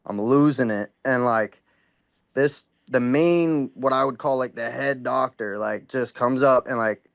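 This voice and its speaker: Smooth-voiced man rambling through a story. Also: medium pitch, a little slow, no room sound, muffled recording. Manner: rambling, full of "like" and "you know," swears freely. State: a little worked up. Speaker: caller sharing a paranormal experience. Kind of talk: casual spoken storytelling.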